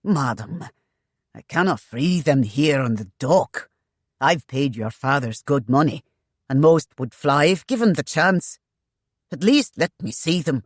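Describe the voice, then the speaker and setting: A thin, stubborn male agent who pleads in formal words, voiced by a woman narrator. The voice stays low and unhurried, close and dry. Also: expressive, breathy edge, no echo, heavily acted. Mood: pleading.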